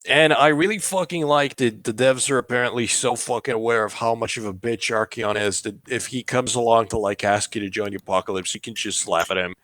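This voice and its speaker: Male podcast co-host, mid pitch, excited and profane, dry recording. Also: fairly quick, few pauses, no echo. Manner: enthusiastic, swears often. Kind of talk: casual gaming chat.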